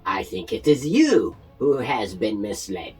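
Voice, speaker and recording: A man voicing a zealous male goblin shaman draped in bones, speaking in slow, ominous declarations. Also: fairly low pitch, big pitch swings, a little mellow, slightly rough, soft background music, full character voice. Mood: fervent.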